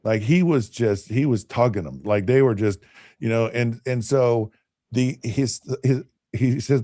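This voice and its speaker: A man's voice: medium pitch, a little slow, warm tone, no room sound, clean studio sound. A man in his fifties, a podcast host and former quarterback, telling a long story casually, restarting and repeating words as he goes.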